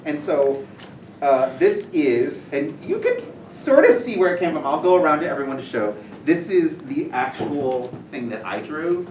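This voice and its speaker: A man telling stories casually to a school audience as a visiting author, animated and self-deprecating with many fillers. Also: fairly high pitch. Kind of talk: casual storytelling talk to students. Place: school room. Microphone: far room mic. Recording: echoey room from far off, noisy.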